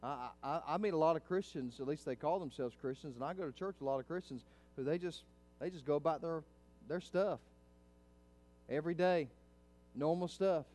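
A middle-aged male pastor preaching a sermon in a church, swinging from hushed, low passages up to loud, fervent climaxes. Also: a little fast.

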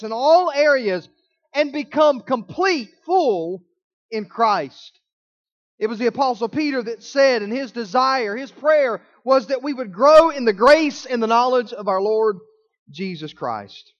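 High-voiced preacher, emphatic and drawn-out. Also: male voice, muffled recording. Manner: emphatic preaching, slowing down and drawing out key words. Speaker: pastor. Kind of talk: sermon.

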